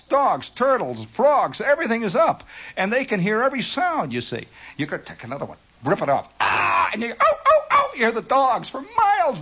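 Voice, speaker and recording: A middle-aged man tells a long comic story in a husky voice. His pitch leaps around with lively expression, and he wanders into tangents and mimics the sounds he describes. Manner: rambling, digressive, mimics sounds, chuckles often. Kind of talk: humorous spoken-word storytelling.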